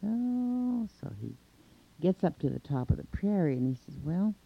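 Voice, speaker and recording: A man telling a traditional folk tale in an unhurried way, linking events with 'and' and pausing on fillers. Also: medium pitch, expressive, gravelly, slightly rough. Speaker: storyteller. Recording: dull lo-fi recording.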